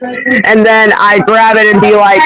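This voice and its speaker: A man's voice: high-pitched, little pitch movement, a little slow, sharp tone, smooth, no room sound, poor audio. A man casually telling a story he made up, rambling with many fillers. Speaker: voice actor pitching a story.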